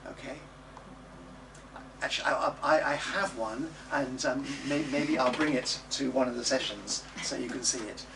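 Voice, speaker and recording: A man's voice: medium pitch, moderate pace, vocal fry. A man teaching a singing class, coaxing students and demonstrating phrases by singing them. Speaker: music teacher. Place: classroom or studio. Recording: distant mic with background noise.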